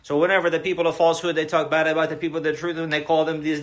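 A man's voice: on the high side, little pitch movement, very fast, few pauses. A man giving a religious lecture, emphatic and repetitive, often asking his listeners questions. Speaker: Islamic lecturer.

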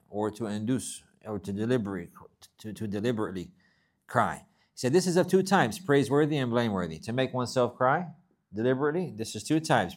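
A man teaching a religious lesson, reading Arabic text quickly and then explaining it slowly in English, often repeating himself. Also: on the low side.

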